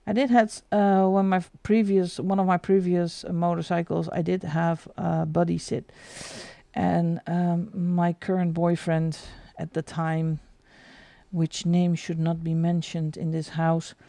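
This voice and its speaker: A middle-aged woman chats casually on a coloring livestream, rambling from topic to topic. Her voice is gravelly and mellow, and she talks at an unhurried pace. The sound is dry and close. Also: fairly low pitch, flat delivery, no echo. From Netherlands. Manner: chatty, rambling, answers chat, laughs often. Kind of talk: casual live-stream chat.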